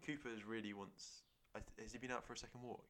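A man's voice: lowish voice, fairly even intonation, fast talker, fairly bright tone. A man co-hosting a podcast, joining late and teasing his co-host in casual banter.

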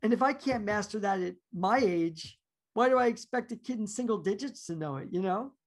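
A man's voice: high-pitched, animated, fairly quick. A man in his forties, a podcast guest talking candidly and reflectively about himself, often trailing off.

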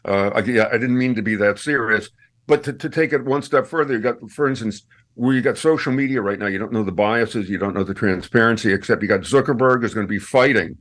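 A man appearing as a guest on a radio show, chatting casually and telling stories with lively swings up in pitch for punchlines. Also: fast talker. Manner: animated storyteller, swings high for punchlines. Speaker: guest, podcast host.

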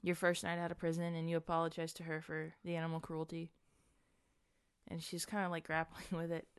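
Woman host, low-ish smooth voice, close and dry; improvises a story while someone plays along. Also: monotone, brisk, no echo. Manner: narrates a wild scenario, quoting characters. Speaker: host posing a hypothetical.

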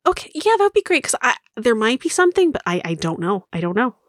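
A woman's voice: a little high, very animated, quick pace, no room sound, clean studio sound, voice pushed up. Woman doing a flustered, stammering young guide. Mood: worried. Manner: hesitant, stammering, swearing.

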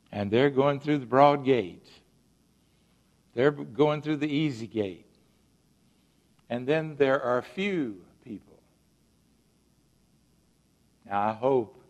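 A man pastor preaching a sermon, slow and deliberate, stressing his points through repetition. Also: mid-range voice.

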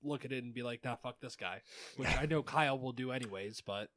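A man's voice: medium pitch, fairly quick, a bit bright, no echo. A man hosting a casual sports podcast, talking in an easygoing way with plenty of ums and uhs. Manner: laid-back, many ums and uhs. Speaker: podcast host.

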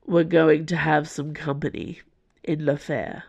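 A woman voicing a brooding male musketeer with a rough, stiff, clipped voice. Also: low voice, level tone, a little slow, darkish tone, dry recording. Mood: curt.

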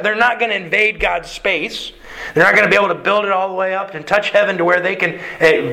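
A man delivers a sermon with a bright, forceful voice that sits a little high for a man. He talks conversationally and keeps checking in with his listeners with questions. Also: poor audio. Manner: conversational, quizzes the audience. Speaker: preacher.

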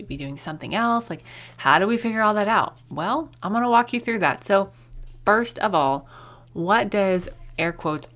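A woman's voice: lowish voice, fairly bright tone. A young adult woman hosting her own podcast, talking in a chatty, upbeat, conversational way. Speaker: podcast host. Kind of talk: casual solo podcast talk.

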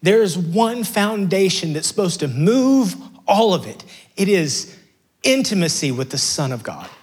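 A man's voice: high voice, very animated, measured pace, breathy edge. A middle-aged man preaching a sermon as pastor, passionate and building to emphatic peaks.

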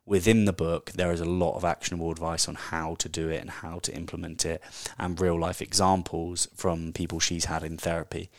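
Very deep-voiced man, chatty. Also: flat delivery, a little fast, few pauses, dry recording. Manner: chatty, candid, swears casually. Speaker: podcast host. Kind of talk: casual solo podcast book review.

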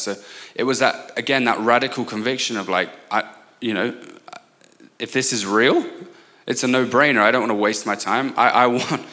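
A man in his twenties with an English accent, preaching as a guest speaker, earnest and prone to quick asides and restarts. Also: medium pitch, pushed and bright. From England. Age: 20s. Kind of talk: sermon.

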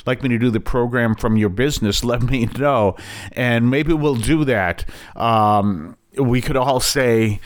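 Boston-accented priest hosting a radio talk show; chatty, wanders off topic, pokes fun at himself. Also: male voice, mid-range voice, a little slow. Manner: chatty, digressive, light self-deprecating asides. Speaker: Catholic priest and radio host.

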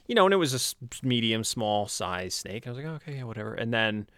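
A man chatting as a podcast guest, telling stories with animated quoted voices. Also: fairly quick, smooth, dry recording. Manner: animated storyteller, acts out quotes in a high voice. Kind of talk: casual conversation.

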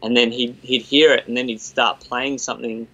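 A man's voice: mid-range voice, flat delivery, moderate pace, pushed and bright, dull audio. A man who works as a studio guitarist, talking in a casual, rambling way and often restarting his sentences. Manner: rambling, restarts and quotes others. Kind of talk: casual podcast chat.

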